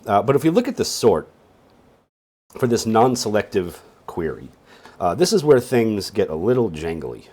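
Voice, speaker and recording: A deep, slightly husky man talks through a casual tutorial, sounding sleepy. His delivery wanders up and down a lot, with wry little jokes tossed in between explanations. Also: big pitch swings, normal speed, darkish tone. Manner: rambling, with wry joking asides. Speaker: database instructor. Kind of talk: casual screen-share tutorial.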